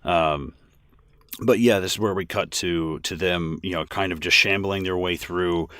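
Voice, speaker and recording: A man's voice: low-pitched, steady tone, unhurried, a bit bright, dry recording, clean studio sound. A man co-hosting a casual movie podcast, rambling with lots of fillers and restarts. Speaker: podcast co-host.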